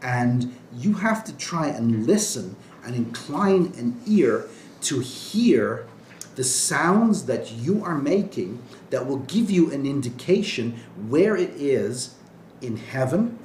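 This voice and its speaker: A man's voice: mid-range voice, lively intonation, slow pace, a little mellow, reverberant, a little hiss or hum. A man, a rabbi, giving an informal classroom lecture in a conversational way, often checking in with "right?". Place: classroom with students.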